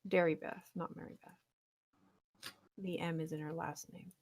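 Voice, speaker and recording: A woman's voice: sits low, flat delivery, measured pace, darkish tone, no echo. Chatty woman game master, dry sound. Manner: chatty, laughs often, fills with ums. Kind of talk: narrating a tabletop game.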